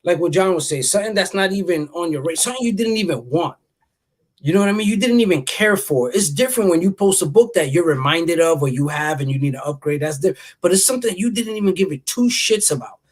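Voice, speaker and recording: A man's voice: sits high, animated, fast talker. A man hosting a casual comic-book chat show, talking animatedly, swearing freely and laughing often. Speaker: show host.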